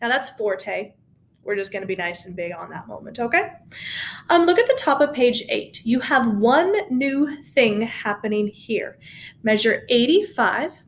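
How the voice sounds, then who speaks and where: A woman's voice: a little high, animated, measured pace, slight background noise. A woman teaching a recorded choir lesson at home by her piano, patient and encouraging as she talks students through the score. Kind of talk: recorded music lesson, speaking and singing along. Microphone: camera mic.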